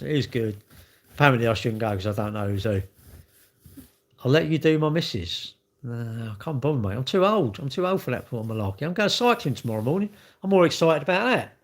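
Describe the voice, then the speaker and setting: A middle-aged man, chatting casually and cheekily with viewers on a livestream. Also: medium pitch. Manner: chatty, cheeky banter, swearing. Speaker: livestream host. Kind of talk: casual livestream chat reading comments.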